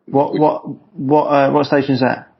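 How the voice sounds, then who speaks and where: A man's voice: medium pitch, little pitch movement, moderate pace, vocal fry, breathy edge, muffled recording. A man hosting a podcast, chipping in with short interjections and follow-up questions. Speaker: podcast host. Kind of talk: casual interview.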